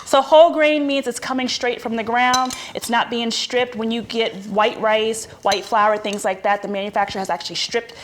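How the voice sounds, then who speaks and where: A woman's voice: on the high side, steady tone, normal speed, few pauses, a little hiss or hum. A woman chef giving a cooking demonstration, explaining each step in a chatty, instructive way.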